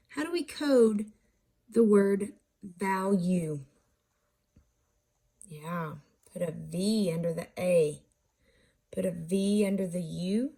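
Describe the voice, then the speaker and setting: A woman who teaches reading runs a patient, unhurried phonics lesson, raising questions and then answering them herself. Her voice sits on the low side and is mellow with a slight huskiness, and she draws out syllables slowly.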